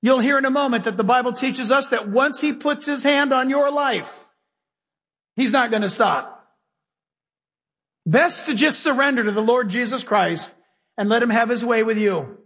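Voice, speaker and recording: A man's voice: very high-pitched, moderate pace, a bit bright, breathy edge. A man preaching a sermon to his congregation in a church, folksy and emphatic, often firing questions straight at his listeners. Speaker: pastor. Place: church sanctuary with a live congregation. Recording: long hall reverb.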